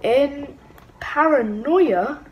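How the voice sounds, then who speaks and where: A young woman giving excitable, playful let's-play commentary with mock-evil asides. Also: high voice, extremely slow, slight background noise, poor audio. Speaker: gaming channel host. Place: home room.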